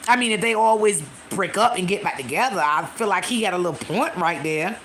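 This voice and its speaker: A woman hosting a casual live stream, retelling a story to her viewers in a chatty way with many pauses and fillers. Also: mid-range voice, expressive, a bit bright, slight background noise.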